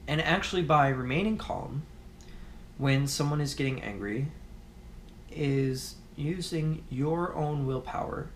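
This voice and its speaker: A man's voice: mid-range voice, slight background noise. Man giving a rambling video lecture. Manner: conversational with frequent restarts and filler pauses. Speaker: course instructor.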